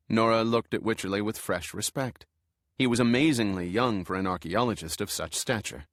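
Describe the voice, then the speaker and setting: A man narrating an audiobook in a measured, steady way. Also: fairly low pitch, no room sound, studio quality.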